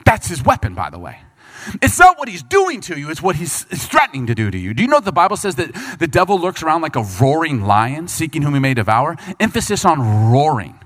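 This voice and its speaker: A man preaching a sermon, reading scripture and breaking into quick acted asides as the people he talks about. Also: fairly high pitch. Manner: animated preaching, voices Bible figures and people in quick asides. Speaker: pastor.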